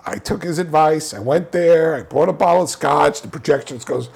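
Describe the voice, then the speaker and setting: Gravelly husky man telling a story. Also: a little high, brisk. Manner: animated, repeats words, restarts, laughs while telling stories. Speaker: filmmaker guest. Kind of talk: casual storytelling interview.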